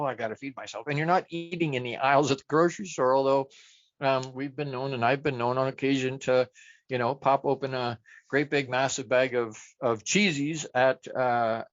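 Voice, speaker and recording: A man's voice: on the high side, no room sound. A man giving a motivational talk as a life coach, chatty and self-deprecating, who asks rhetorical questions and answers them himself. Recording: dull, dry lo-fi recording.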